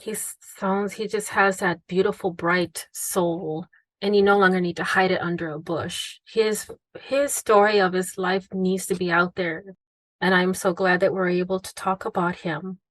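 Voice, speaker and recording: A woman's voice: on the low side, steady tone, moderate pace, no echo. Earnest woman podcast host, dry sound. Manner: earnest, heartfelt and reflective. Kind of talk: true-crime podcast interview.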